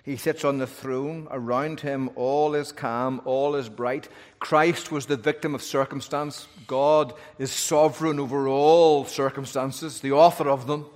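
A man preaching a sermon in an animated way, with humorous asides. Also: medium pitch, a little slow. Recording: long hall reverb.

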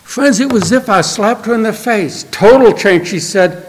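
Earnest preacher in a reverberant hall. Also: male voice, high-pitched, animated, normal speed. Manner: earnest storytelling, dropping to soft and quiet for emphasis. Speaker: pastor. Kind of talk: sermon.

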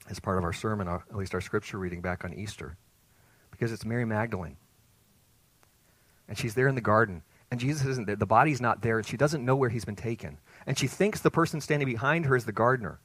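A man preaching a sermon as pastor, earnest and emphatic, rising to loud peaks and dropping to soft, hushed phrases. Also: on the low side, no room sound.

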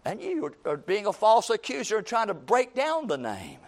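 A man preaching a fiery church sermon, swinging from shouted lines to low, intense passages with repeated emphasis. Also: huge pitch swings. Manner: repetitive, drawn-out emphasis.

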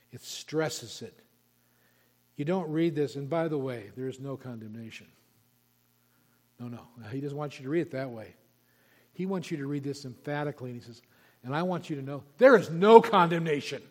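A pastor preaching an expository sermon, emphatic and repeating key words for stress. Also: male voice, mid-range voice, normal speed, long pauses, warm tone. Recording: long reverb of a large hall.

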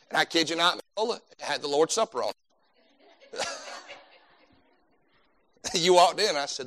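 Bright-voiced fervent male preacher. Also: a little high, lively intonation, moderate pace, long pauses. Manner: fervent, repeats words while building points. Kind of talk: sermon.

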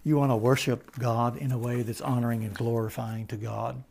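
A man preaching to his congregation in a gravelly voice. He sinks to quiet, drawn-out phrases and then climbs to loud, ringing emphasis. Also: mid-range voice, little pitch movement. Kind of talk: sermon.

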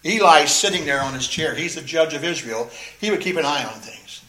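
An earnest, emphatic man preaches, reading scripture aloud and unpacking it phrase by phrase. His voice sits slightly high for a man and often repeats words to drive a point home. The sound carries a noticeable room echo. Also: lively intonation, brisk, pushed and bright, a little hiss or hum. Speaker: pastor. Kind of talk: expository sermon, reading and explaining scripture.

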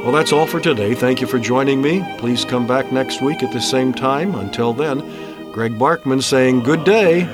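A man's voice: mid-range voice, moderate pace, music in the background. A man giving an earnest, emphatic Bible sermon on the radio, often asking rhetorical questions. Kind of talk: broadcast sermon.

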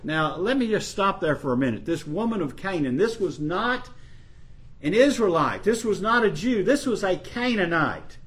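A man's voice: high voice, sing-song, a bit bright. A man preaching a sermon, reading scripture and explaining it in an earnest way that rises for emphasis. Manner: slow, earnest, rising to emphasis on scripture quotes.

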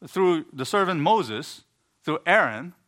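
A man's voice: fairly high pitch, big pitch swings, takes it slowly, fairly bright tone. A man preaching an earnest sermon, explaining scripture with emphatic rising bursts and occasional stumbles. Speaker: pastor.

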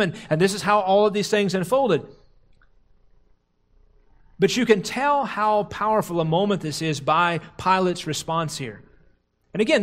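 A man preaching a sermon as a pastor, slowing down and dropping low to stress key words. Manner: slows and drops low for emphasis, quotes crowd cries dramatically.

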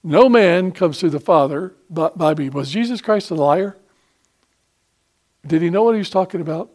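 A man's voice: high voice, lively intonation, normal speed, a little mellow. A man preaching a fervent sermon, quoting scripture and asking rhetorical questions, with frequent hesitations and restarts.

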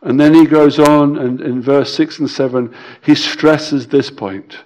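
A man preaching a sermon in a somewhat high voice. He presses his points with repetition, rising loud on key words and sinking quiet at line ends, and stumbles into restarts now and then. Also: steady tone, measured pace. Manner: emphatic, repeats key phrases, swings between loud and quiet; stammers and restarts.

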